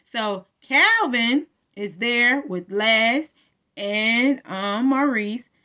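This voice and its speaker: A woman's voice: a little high, lively intonation, extremely slow, pushed and bright. A woman casually recapping a TV episode in a chatty storytelling way, acting out the characters' lines as she goes.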